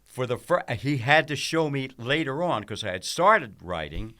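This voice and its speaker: Older man, lively storyteller. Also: medium pitch, normal speed. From South Philadelphia. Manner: animated storyteller who acts out quoted voices. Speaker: podcast host. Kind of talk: casual storytelling chat.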